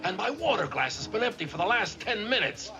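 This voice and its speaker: A rude, bullying Marine sergeant grumbles with gruff sarcasm. His voice sits slightly high and rises and falls a lot. Music plays under this old sitcom soundtrack. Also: sing-song, brisk. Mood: grumbling. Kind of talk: 1960s TV sitcom acting.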